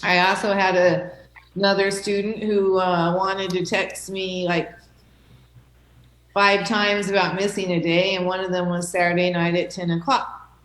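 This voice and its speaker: A woman's voice: on the low side, little pitch movement, measured pace, a bit bright, echoey room, poor audio. A woman teacher talking to her class, reassuring and checking in with "okay?" and "right?" as she goes. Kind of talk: classroom talk.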